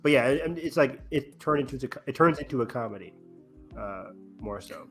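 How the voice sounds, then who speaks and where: Guy on a movie podcast, rambly, lots of ums, mid pitch, a little music under it. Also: expressive. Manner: rambling, halting with many ums. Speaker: podcast co-host. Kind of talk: casual chat.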